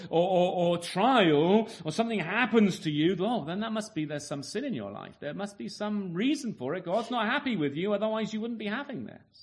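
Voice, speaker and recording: A man with a high voice preaches a sermon to his listeners. His delivery is earnest, and he keeps turning statements into rhetorical tag questions. He often restarts and repeats words mid-thought.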